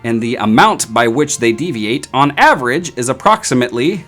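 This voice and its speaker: A man teaching statistics in a screen-recorded lecture, with playful, self-mocking asides and sudden high-pitched outbursts. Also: expressive, normal speed, a bit bright, faint music behind. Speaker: statistics instructor.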